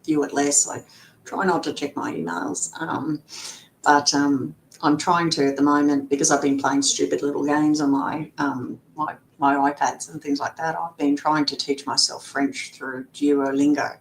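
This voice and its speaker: Chatty woman with faint rumble. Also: level tone, normal speed, poor audio. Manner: chatty, laughs often, many fillers. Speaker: guest, lawyer. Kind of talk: casual interview chat.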